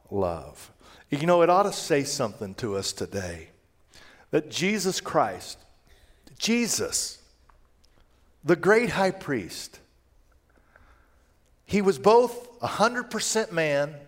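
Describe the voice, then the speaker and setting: A middle-aged man preaching a conversational sermon as a pastor, telling personal stories and moving between hushed and raised delivery. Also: on the high side.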